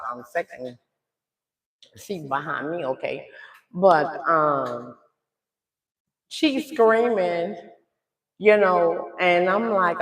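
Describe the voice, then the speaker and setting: On a livestream, a middle-aged woman with a low voice dramatically retells a family story, swinging from loud outbursts to hushed asides. She speaks directly to viewers and keeps checking in with "okay?" during this casual storytime, recorded in an echoey room.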